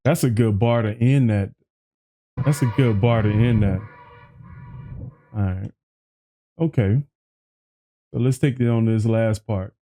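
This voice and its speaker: A man hosting a music reaction video, chatting excitedly, often restarting his sentences and quoting lyrics back. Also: on the low side, takes it slowly, pauses often. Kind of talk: casual reaction commentary.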